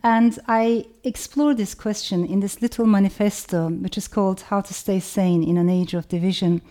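Author, woman, Turkish accent, warm mellow tone, measured and reflective, stacks ideas in long lists. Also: mid-range voice, fairly even intonation. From Turkey. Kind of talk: reflective talk with a reading.

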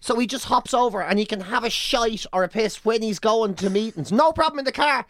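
Irish male co-host, lively sweary storyteller, dry studio sound. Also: extremely high pitch, brisk, no echo. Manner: animated storytelling, swears often, breaks into chants. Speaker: podcast co-host. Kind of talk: casual chat.

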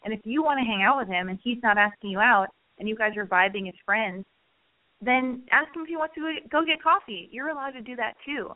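Woman radio host giving it straight, kinda high voice, swears a lot, sounds tinny like over a phone line. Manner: blunt, swears, animated, rapid pep talk. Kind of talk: casual advice talk. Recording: phone-like narrow band.

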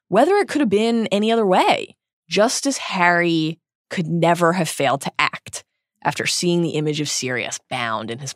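A woman co-hosts a book-discussion podcast, and her voice has a gravelly, fry-edged texture. Her pitch swings widely as she leans into key phrases with reflective, analytical emphasis. The sound is dry and close, with no room around it. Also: dry recording. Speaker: podcast co-host.

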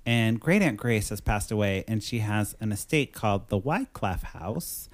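A man's voice: lowish voice, expressive, normal speed. A man hosting a podcast, recapping a film in a rambling, joking way and acting out its lines. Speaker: podcast host reviewing a film. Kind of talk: casual chat.

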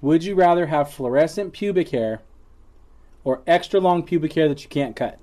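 A man's voice: fairly high pitch, normal speed, warm tone. A man co-hosting a live podcast, teasing his co-host and swearing casually. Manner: teasing, profane. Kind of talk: casual live-stream chat.

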